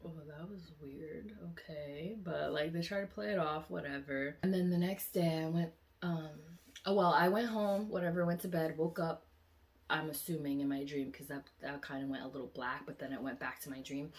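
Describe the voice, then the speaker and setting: A woman's voice: sits low, steady tone, a little fast. A woman vlogger casually recounting a dream in a chatty, rambling way, full of fillers. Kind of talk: casual storytelling.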